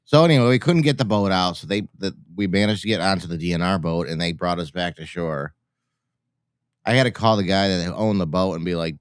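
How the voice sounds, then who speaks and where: Man, very low voice, dry close sound, casual storytelling, halting restarts. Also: smooth, dry recording. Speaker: co-host telling a story.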